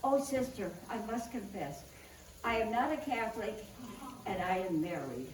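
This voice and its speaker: A woman's voice: medium pitch, big pitch swings, moderate pace, reverberant, distant mic, slight background noise, natural voice, low-quality recording. A woman voicing a nervous male cab driver in a joke, speaking hesitantly and apologetically.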